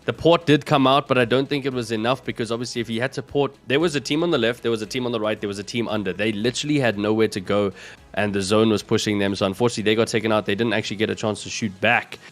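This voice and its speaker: A man with a South African accent giving esports color commentary, breaking down plays in a measured way with frequent fillers. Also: fairly low pitch, fairly even intonation. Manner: measured analysis with many fillers. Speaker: esports co-caster.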